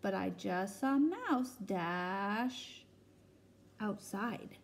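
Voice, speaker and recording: A woman voicing a little storybook fish with a squeaky manner. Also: animated, very slow, creaky, full character voice. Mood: helpful.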